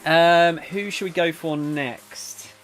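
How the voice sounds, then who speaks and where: Man, casual game streamer, chatty, jokey, fairly high voice. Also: steady tone, takes it slowly, fairly bright tone, faint music behind. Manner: chatty, jokey, asks chat for input. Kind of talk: casual let's-play commentary.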